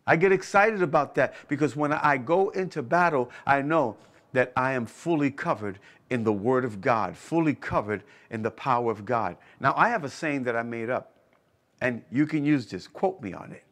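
A man's voice: mid-range voice, fairly bright tone. A man preaching a sermon with emphasis, repeating key phrases and asking the listeners whether they are hearing him. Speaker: pastor.

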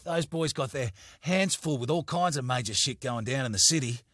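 A man's voice: mid-range voice, normal speed, a bit bright, dry recording, clean studio sound, voice pushed up, close to an everyday voice. A man voicing a laid-back, wry male police officer, the partner of the lead, in an audiobook. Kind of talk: audiobook character voice.

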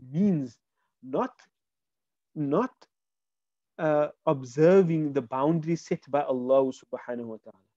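Male Arabic teacher on a video call, warm low-key tone, dry close sound, walks through words and quizzes students. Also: no echo, lo-fi sound. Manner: explains word by word, asks students questions. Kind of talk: online Quran Arabic lesson.

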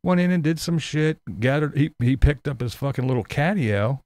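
A man with a fairly high, expressive voice and a darkish tone speaks at a moderate pace, with no echo. He's a YouTube commentary host reading live chat on a stream, sarcastic and mocking, swearing freely and laughing often as he rants and replies to viewers.

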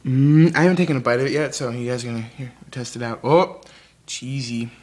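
A man's voice: mid-range voice, fairly even intonation, brisk, a little mellow. A young man chatting casually in a home vlog, rambling and goofy, jumping between topics while he eats. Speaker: vlogger.

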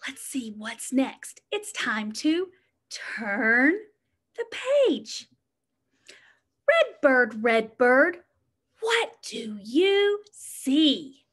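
A woman's voice: fairly high pitch, sing-song, drawn-out words, fairly bright tone. A woman preschool teacher reading a picture book aloud to young children, sing-song and encouraging, stopping to ask them questions.

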